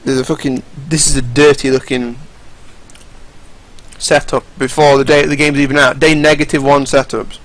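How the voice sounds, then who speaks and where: A man's voice: mid-range voice, level tone, normal speed, a bit bright, poor audio. A young man giving casual, rambling, profane commentary over fighting game footage, often restarting his sentences.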